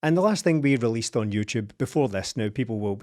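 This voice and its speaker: A man's voice: medium pitch, animated, fast, darkish tone. A man co-hosting a football podcast, joking and rambling in a wry way. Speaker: podcast co-host. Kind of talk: casual podcast chat.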